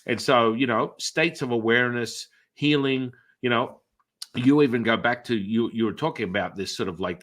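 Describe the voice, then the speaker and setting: Slightly rough and mid-range, this man's voice carries rambling, conversational stories as he hosts an interview. The middle-aged podcaster and energy healer is animated, full of fillers and restarts, and voices others' reactions in altered tones.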